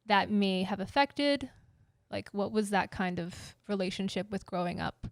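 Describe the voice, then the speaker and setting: A woman's voice: mid-range voice, a little slow, no room sound, clean studio sound. A woman co-hosting a podcast interview, rambling casually with many "like"s and restarts. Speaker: podcast co-host.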